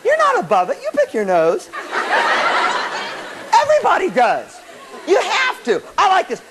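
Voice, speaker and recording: Man, motivational speaker, seminar talk, high voice, swooping pitch, laughing storyteller. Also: wildly swooping pitch, measured pace, a loud crowd, very noisy. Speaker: motivational speaker to student bands.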